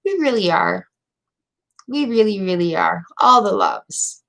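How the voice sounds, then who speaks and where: A woman's voice: medium pitch, lively intonation, a little slow, gravelly, a bit bright. A middle-aged woman giving a live tarot reading, chatty, emotional and rambling with fillers. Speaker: tarot reader.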